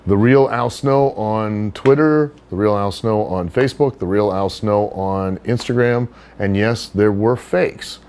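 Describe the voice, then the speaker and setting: A middle-aged man with a lowish voice tells stories in a relaxed interview. He is animated and chatty, now and then doing voices of other people. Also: a little slow. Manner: animated storyteller, does high put-on voices for others. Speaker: wrestler being interviewed. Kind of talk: casual storytelling interview.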